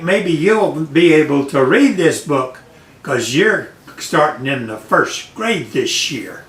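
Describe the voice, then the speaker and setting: An older man reading a bedtime story to his grandchild, slow and gentle. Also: on the high side. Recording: echoey room, voice off-mic.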